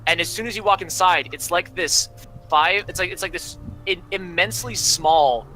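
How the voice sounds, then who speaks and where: A man's voice: sits high, moderate pace, pushed and bright, soft background music, rough recording. A young man narrating as game master, rambling through descriptions with many fillers.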